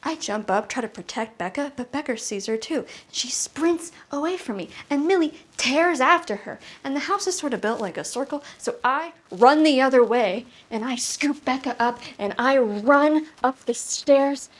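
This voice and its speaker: A young adult woman performing a confessional comedy monologue, intense and halting, with an emotional delivery. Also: high voice, expressive. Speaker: solo comedian. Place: apartment.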